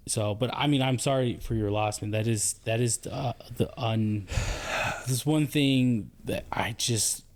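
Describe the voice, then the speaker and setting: A man from the United States, a former Army leader, talking on a podcast in a halting, reflective way, often searching for words. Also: medium pitch. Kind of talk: casual podcast conversation.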